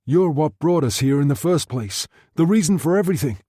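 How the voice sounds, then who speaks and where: A man voicing a terse, firm leader who gives short decisive instructions in a dark, low-key voice. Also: expressive, a little fast, dry recording, clean studio sound.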